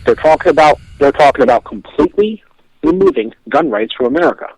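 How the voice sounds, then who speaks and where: A man co-hosting a casual political podcast, blunt and profane, swinging from loud outbursts to low asides. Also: huge pitch swings, fast, creaky, no echo, low-quality recording. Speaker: podcast co-host.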